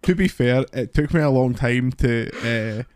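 A man's voice: mid-range voice, moderate pace, a little mellow, dry recording. Dry-joking man on a podcast. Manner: dry joking, swears while telling stories. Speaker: podcast co-host. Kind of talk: casual chat.

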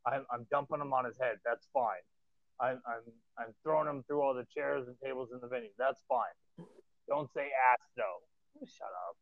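Gravelly, blunt, foul-mouthed wrestler man. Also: mid-range voice, normal speed, no echo. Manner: profane, blunt, animated ranting. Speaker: professional wrestler guest. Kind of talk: casual podcast storytelling. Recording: dull lo-fi sound, dry.

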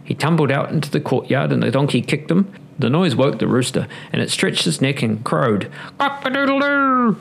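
Gravelly male storyteller. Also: medium pitch, brisk. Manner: expressive storybook narration. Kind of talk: fairy tale read-aloud.

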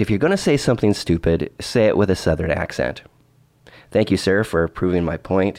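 A man's voice: low voice, a little mellow. A man telling a travel story in a casual vlog, rambling with restarts and dry asides. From Oregon, United States. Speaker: vlogger.

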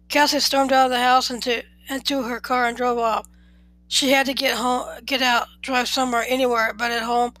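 Lady with a high voice reading a story, keeps tripping and restarting words. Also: flat delivery, normal speed, fairly bright tone, dry recording, low-quality recording. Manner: plain reading with frequent restarts.

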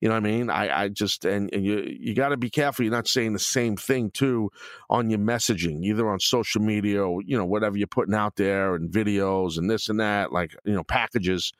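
Blunt, rambling middle-aged host. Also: male voice, fairly low pitch, brisk, no echo, clean studio sound. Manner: blunt, rambling, swears, many fillers and restarts. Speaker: podcast host answering listener questions. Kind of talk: casual opinion talk.

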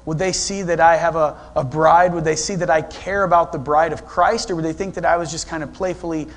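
A man's voice: a little high, steady tone, fairly quick. A middle-aged man, preaching a sermon in a conversational, storytelling way. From Ohio, USA. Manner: storytelling, conversational, with frequent restarts. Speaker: guest pastor.

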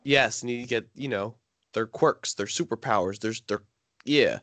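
A young man co-hosting a casual podcast chat, an animated storyteller who laughs often. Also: medium pitch, moderate pace, no echo. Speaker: podcast co-host.

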